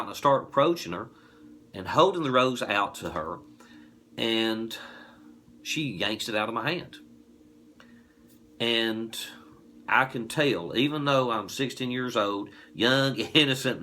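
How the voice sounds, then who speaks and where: A man in his forties with a Southern US accent, telling a folksy, animated anecdote. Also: on the low side. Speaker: distillery promoter. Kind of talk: casual anecdote.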